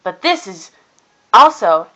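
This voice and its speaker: A teenage girl telling a long casual vlog story about her day, rambling and acting out what people said in animated voices. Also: fairly high pitch, slow pace, dull audio. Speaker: vlogger. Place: indoors at home, cold room.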